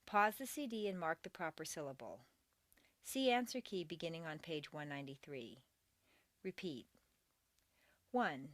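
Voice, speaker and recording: Slow, deliberate woman drilling pronunciation. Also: low voice, sing-song, no echo. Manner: slow, careful drilling with deliberate stress contrasts. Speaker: pronunciation teacher. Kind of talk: scripted audio lesson.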